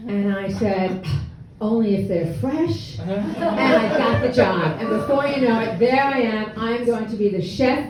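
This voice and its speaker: A woman's voice: a little high, lively intonation, a little slow, background noise. A woman in her sixties telling a humorous, self-deprecating story at a live storytelling event. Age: 60s. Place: hall with an audience. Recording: echoey room, mic from far off.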